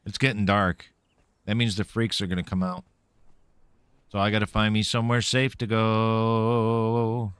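A man's voice: fairly low pitch, flat delivery, measured pace, long pauses, a bit bright, smooth, no echo. A man streaming a video game, playfully talking to himself and taunting the enemies he meets, a little caffeinated. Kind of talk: let's-play gameplay commentary.

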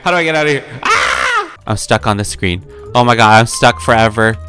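A man's voice: medium pitch, fast talker, bright, forceful tone, faint music behind. A man hosting a gameplay video, chatting casually and playfully, with frequent gasps and laughs. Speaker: gaming video host.

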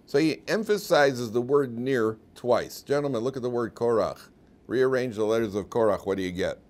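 A man leads a lively Torah class as a rabbi, at an ordinary middle pitch. He talks animatedly, acts out little scenes for his students and laughs often. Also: moderate pace.

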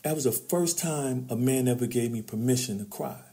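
A middle-aged man speaks as a podcast guest in a warm, mellow voice. He talks like a preacher, calling the host brother and building to emphatic peaks. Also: mid-range voice, moderate pace. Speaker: author and men's trainer, guest. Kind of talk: podcast interview.

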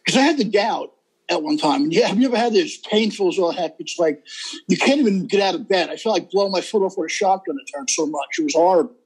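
A man's voice: high-pitched, expressive, quick pace, slightly rough, rough recording. A middle-aged man, a comedian guest, talking emphatically and rambling in a casual interview, often seeking agreement.

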